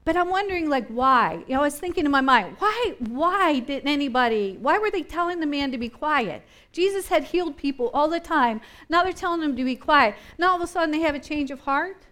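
A woman with a high voice leads a Bible study in a chatty, thinking-aloud way. She brings each scene to life, acting it out as she goes and asking her listeners questions. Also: a little fast, hardly any pauses. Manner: animated, acts out scenes and voices from the story. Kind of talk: conversational Bible teaching.

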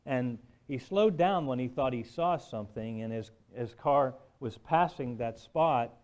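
A man's voice: medium pitch, a little slow, a little mellow. Male preacher telling a story in a sermon. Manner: conversational storytelling, frequent "right?" and "um".

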